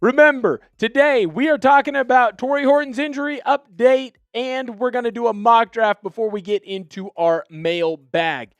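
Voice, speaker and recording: Man, young adult, high voice, smooth, dry close sound, energetic live-stream host. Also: moderate pace, hardly any pauses, no echo. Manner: hyped and energetic, shouting out viewers. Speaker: sports show host. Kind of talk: live-stream sports chat.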